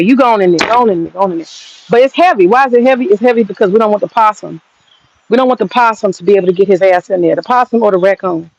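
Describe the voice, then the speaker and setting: Creaky and mid-range, her voice comes through lo-fi as she vlogs outside in her backyard, phone in hand. She's a profane, rambling storyteller keeping things to casual chat.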